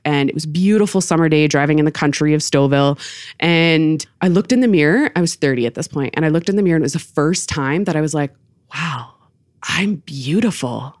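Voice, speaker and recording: A woman's voice: sits low, clean tone, no room sound, clean studio sound. A woman in her thirties, a podcast guest, earnestly telling a personal story with lots of "like" fillers. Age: 30s.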